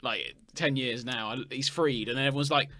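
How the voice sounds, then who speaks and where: A man's voice: mid-range voice, a little fast, crowd noise. A man co-hosting a podcast, chatting casually, joking and swearing freely as he tells a story. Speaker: podcast co-host. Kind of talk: casual chat.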